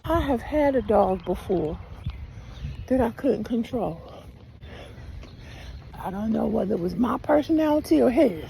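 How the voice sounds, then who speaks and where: An older woman vlogger telling a story in a lively, chatty way while out on a walk. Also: on the high side, a little slow, gravelly, long pauses, a little hiss or hum. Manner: animated, chatty, Southern-style storytelling. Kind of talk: storytelling while walking outdoors. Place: outdoors on a walk, rural road.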